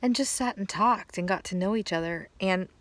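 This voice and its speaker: A middle-aged woman vlogger with a mid-range, slightly bright voice casually tells a personal story at normal speed. She rambles, restarts her sentences, and laughs between thoughts, sounding heartfelt and at times close to tears. There's no echo.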